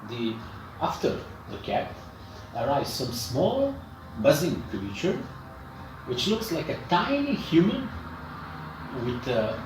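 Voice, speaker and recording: A man narrating a tabletop game as dungeon master, unhurried and searching for words, recorded far off in an echoey room. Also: fairly high pitch, wildly swooping pitch, music in the background. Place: local gaming shop.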